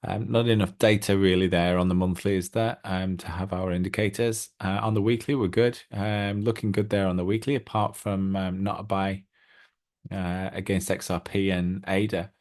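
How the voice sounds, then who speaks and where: A middle-aged man with a very low, gravelly voice talks casually through trading charts. He is chatty and excitable, filling gaps with ums as he goes. He sounds like an easygoing host of his own channel. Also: normal speed.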